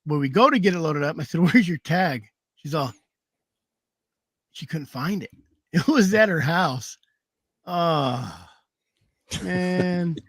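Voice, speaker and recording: A man's voice: a little high, animated, slow, pauses often, fairly bright tone, dry recording, clean studio sound. A man telling rambling hunting stories in a casual chat, laughing through his anecdotes over a video call. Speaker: hound hunter telling stories.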